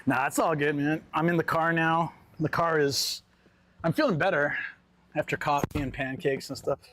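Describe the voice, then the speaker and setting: His voice is fairly high and a bit bright, with fairly even intonation and a normal pace. Out and about on a live stream, this man chats casually, telling meandering stories and frequently breaking into laughter.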